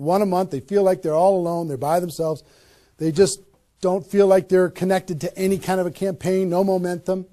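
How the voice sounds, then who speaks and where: A man giving a motivational network marketing seminar to a small audience, energetic and emphatic, with many rhetorical questions. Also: high voice.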